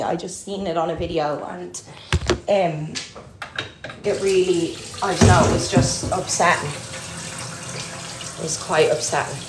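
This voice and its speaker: A young Irish woman with a Louth and Dublin accent, chatting casually to her followers in a rambling way, with lots of "like". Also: fairly low pitch. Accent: Irish, a mix of Louth and Dublin. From Ireland. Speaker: TikTok creator. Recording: echoey room with clear background noise.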